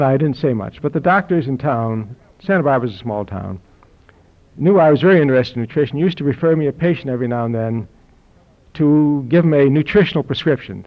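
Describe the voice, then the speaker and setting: Wry older man telling a story. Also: mid-range voice. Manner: dry, wry storytelling with chuckles. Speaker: speaker telling his health story. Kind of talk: anecdotal talk to an audience. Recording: dull lo-fi recording with audience laughter.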